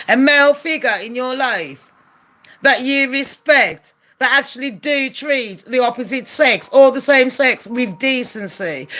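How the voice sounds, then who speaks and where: An adult woman with a high, slightly bright voice delivers an opinionated rant straight to camera as a commentary vlogger. She's blunt, heated and profane, throwing out rhetorical questions.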